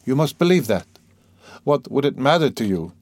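A brooding, tormented young man speaks low and wearily, half muttering as he reflects, as a male audiobook reader voices him. The voice stays mid-pitched and dry. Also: big pitch swings, normal speed, a little mellow, dry recording. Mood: weary. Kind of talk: audiobook character voice.

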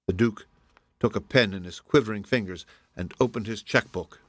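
A man narrating a classic story in a formal, even storytelling manner on a close microphone. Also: fairly low pitch, moderate pace, no echo. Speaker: audiobook narrator. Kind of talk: scripted narration.

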